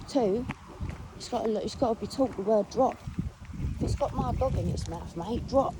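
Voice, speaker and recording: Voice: medium pitch, moderate pace. A speaker with an English accent chatting casually while walking a dog outdoors, rambling through a story and talking to the dog in between. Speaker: dog owner vlogger. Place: outdoors on a rural walk. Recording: noisy outdoor recording with wind and traffic.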